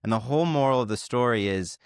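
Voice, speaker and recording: A man co-hosting a podcast in casual chat, thoughtfully telling parables and trailing off quietly at the ends of lines. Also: mid-range voice, expressive, quick pace, clear, resonant tone, no echo, clean studio sound. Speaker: podcast co-host.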